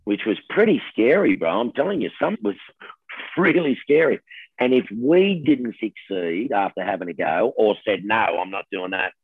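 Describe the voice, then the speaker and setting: A middle-aged Australian man, a television host, telling stories in a lively casual chat and laughing often. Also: on the low side, normal speed, husky, no room sound. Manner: animated storyteller, laughs often, says mate. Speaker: TV host guest. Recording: tinny phone line, dry.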